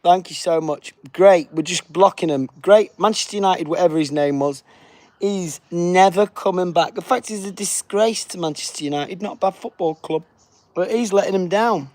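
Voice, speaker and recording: A man's voice: high-pitched, normal speed, darkish tone, no echo. A man hosting a casual livestream, chatting and reading viewer comments aloud. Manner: chatty, reads viewer comments aloud, says big up yourself; puts on a flight announcement voice. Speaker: livestream host.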